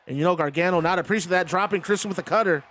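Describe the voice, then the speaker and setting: A man commentating a wrestling video game on his live stream, talking in a high voice. His play-by-play is casual and chatty, like he is talking with his viewers. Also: racing, a bit bright.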